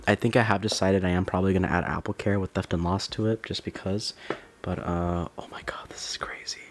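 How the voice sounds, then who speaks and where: A young man casually narrating a phone unboxing at home, excitable and rambling with many fillers and restarts. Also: lowish voice. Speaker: tech vlogger. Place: dim room at home.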